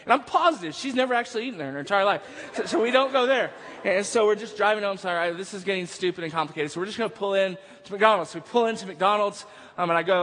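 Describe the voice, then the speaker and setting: A man's voice: high voice, fast talker, fairly bright tone. A male pastor preaching a sermon, moving from casual storytelling into emphatic preaching. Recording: long hall reverb.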